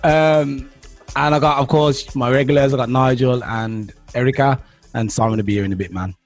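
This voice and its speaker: A man's voice: mid-range voice, steady tone, normal speed, faint music behind. A man hosting a podcast in casual chat, laid-back and slangy, joking. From Jamaican heritage, living in Germany. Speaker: podcast host.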